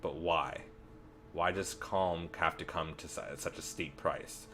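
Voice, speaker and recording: A man's voice: sits low, steady tone, measured pace, bright, forceful tone, slight background noise. A man reading aloud the lines of an earnest, troubled young male doctor in a game. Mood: urgent. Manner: reads game dialogue aloud, urgent.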